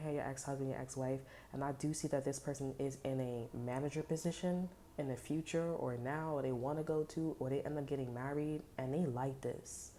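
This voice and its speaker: Woman tarot reader, very deep voice, mellow dark tone, rambling and profane, faint background hiss. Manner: rambling, profane, slangy, with lots of fillers. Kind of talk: casual tarot reading.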